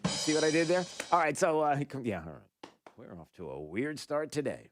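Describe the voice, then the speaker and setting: Animated rambling talk radio host. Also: male voice, fairly high pitch, moderate pace, loud music behind the voice. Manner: animated, rambling, lots of fillers and restarts.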